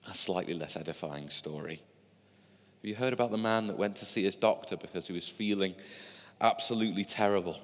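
Male preacher, fairly low voice, conversational storytelling sermon. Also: brisk. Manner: conversational storytelling with asides to listeners. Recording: long hall reverb.

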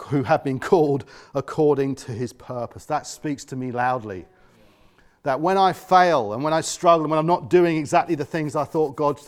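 A male pastor giving an earnest sermon, dropping to quiet tones and rising loud, often acting out the voices he quotes. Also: a little high.

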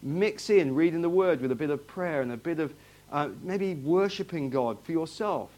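Standing before his congregation in a church hall, a pastor delivers a conversational sermon full of questions to the listeners and frequent repetition. His voice sits on the high side, a little mellow, at a moderate pace.

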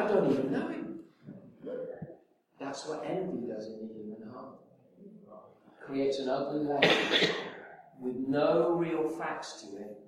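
A man preaching a sermon, telling stories with lively acted-out voices. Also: mid-range voice, noisy background. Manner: animated storytelling, acts out voices in anecdotes. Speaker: pastor. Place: church hall. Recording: echoey hall from far off.

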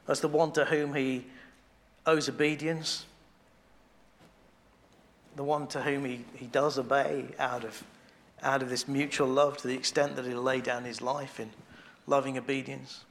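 A man preaching a sermon in a conversational way, restarting phrases as he thinks aloud and growing quiet and intimate on devotional points. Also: medium pitch, little pitch movement, a little slow, pauses often.

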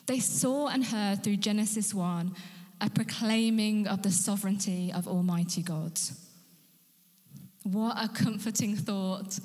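A woman's voice: mid-range voice, a little mellow. A woman preaching a sermon with earnest emphasis. She drops to a whisper at key points and rallies listeners with questions. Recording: hall with long reverb.

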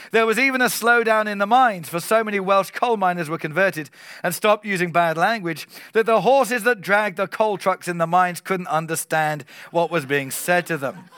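A man preaching a sermon to a church meeting, emphatic and slowing down on key phrases. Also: sits high, a bit bright, clear, resonant tone, no echo, studio quality.

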